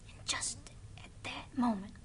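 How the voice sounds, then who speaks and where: A woman's voice: a little high, unhurried, slight background noise. A woman telling a folk tale dramatically, dropping to whispers for suspense. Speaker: storyteller.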